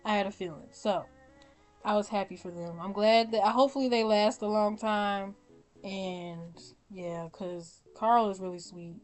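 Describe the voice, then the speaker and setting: Young woman, vlogger, casual opinionated commentary, animated and blunt, faint music behind. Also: medium pitch, a little slow. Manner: animated, swears, laughs often, mimics her own reactions. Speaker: vlogger ranking reality show contestants.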